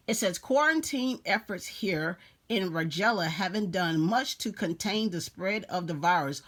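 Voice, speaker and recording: A woman reads a story aloud, taking her time. She keeps stopping to add her own comments, in the relaxed way of an online preacher. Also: on the low side. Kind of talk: casual story reading with commentary.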